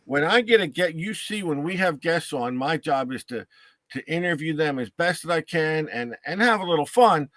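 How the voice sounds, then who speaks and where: A man co-hosts a live talk show in casual, rambling banter, teasing the others. His voice sits a little high and sounds close and dry, with no room around it. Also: animated, normal speed, fairly bright tone, dry recording. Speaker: co-host.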